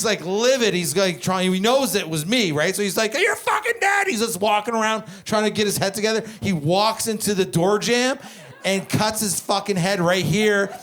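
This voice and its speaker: A man in his twenties from Canada doing stand-up, telling family stories in a profane, animated, rambling way. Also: on the high side. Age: 20s. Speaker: stand-up comedian. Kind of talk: stand-up comedy storytelling.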